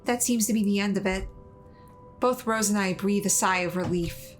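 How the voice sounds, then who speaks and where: A woman streamer reading the first-person narration of a horror visual novel aloud in a steady, even voice. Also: medium pitch, moderate pace, faint music behind.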